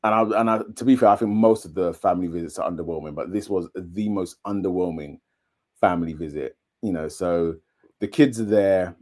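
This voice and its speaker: A man's voice: low-pitched, brisk, a little mellow. A British man hosting a casual TV recap chat, laid-back and candid with slangy asides. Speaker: host. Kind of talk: casual chat, reading viewer comments.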